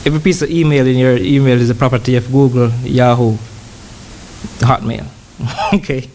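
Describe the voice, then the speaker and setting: A man giving a conversational sermon who pauses often, repeats words and slows down to read scripture. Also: mid-range voice, fairly even intonation, a little mellow, a little hiss or hum. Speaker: church brother preaching.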